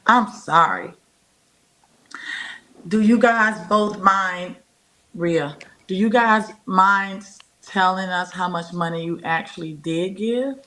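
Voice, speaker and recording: A woman hosts a casual live stream, speaking bluntly and cutting in with her own questions. Her voice sits in an ordinary middle pitch. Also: slow, a bit bright.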